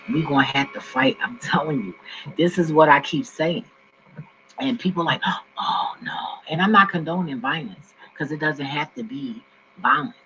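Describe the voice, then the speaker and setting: Speaking slightly high, a man in his forties vlogs casually from home, slangy and rambling, often sidetracked as he addresses viewers. The background is noisy and the lo-fi recording sounds dull.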